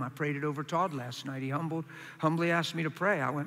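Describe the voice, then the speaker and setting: A man preaching a sermon to a crowd in a large hall, passionate, acting out complaining voices in a higher tone. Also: fairly even intonation, brisk, bright, forceful tone.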